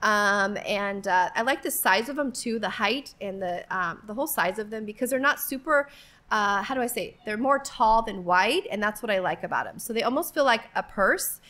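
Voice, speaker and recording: Chatty bright-voiced woman in her forties. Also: mid-range voice, animated, normal speed. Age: 40s. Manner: chatty and rambling, giggles often. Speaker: vlogger. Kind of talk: casual store walk-through. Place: inside a retail store.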